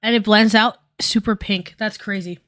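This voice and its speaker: A woman's voice: medium pitch, fairly even intonation, moderate pace, a bit bright. A woman giving casual stream commentary while doing her makeup, rambling with lots of fillers and casual swearing.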